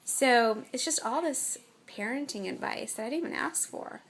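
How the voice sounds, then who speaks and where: Young mother, casual vlog chat, exasperated storytelling, slightly high-pitched. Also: expressive, normal speed. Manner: chatty, exasperated storytelling with mock-quoted voices. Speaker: mother vlogging.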